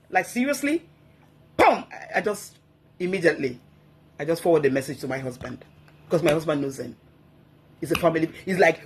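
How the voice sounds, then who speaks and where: A woman's voice: low-pitched, very animated, brisk, long pauses, breathy edge. A woman, a guest speaker giving emphatic, preachy advice on marriage and often repeating herself for effect.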